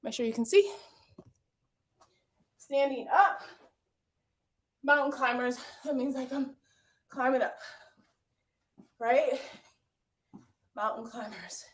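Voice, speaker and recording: Woman fitness instructor, high voice, slow unhurried talk, out of breath, cheering and counting down. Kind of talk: live workout coaching. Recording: echoey room from far off.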